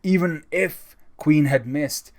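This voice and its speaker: A man's voice: a little high, takes it slowly. Enthusiastic man chatting through a review. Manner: enthusiastic and conversational. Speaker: manga reviewer. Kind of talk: casual chapter review monologue.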